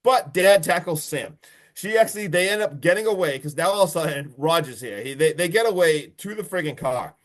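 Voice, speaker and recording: A man casually recapping a horror movie on a podcast, excitable and profane, often laughing. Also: on the high side, fairly quick. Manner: excitable, profane, recounts plot with swearing and laughs. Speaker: podcast host. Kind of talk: casual movie review chat.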